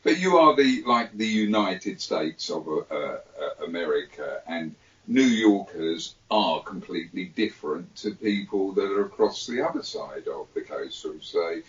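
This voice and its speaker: A man's voice: deep voice, expressive, measured pace. A man from England with a London accent, chatting as a podcast guest, telling stories with a laugh and playful asides. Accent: London English. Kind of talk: casual conversation. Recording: distant roomy dull remote audio.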